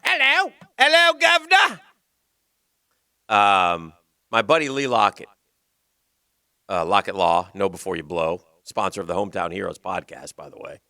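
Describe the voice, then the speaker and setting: A male sports radio host with a slight Southern US accent, rambling in loose banter and sinking into a low mutter. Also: normal speed, bright, forceful tone, no echo, clean studio sound. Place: radio studio. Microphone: studio microphone.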